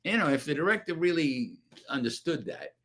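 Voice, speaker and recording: An older man, an actor guest, telling animated, profane stories and acting out the quotes in casual chat. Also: a little high, a little fast, crowd noise. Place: radio studio or remote call.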